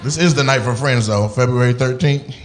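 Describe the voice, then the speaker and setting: A man's voice: mid-range voice, noisy background. A male comedian doing profane, teasing crowd work with audience members. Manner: teasing, profane, quick banter. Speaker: stand-up comedian.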